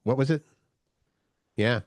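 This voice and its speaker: A man's voice: mid-range voice, slow pace, a little mellow, no room sound. A man co-hosting a morning show, chatting casually and searching for his words as he rambles along. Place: radio studio.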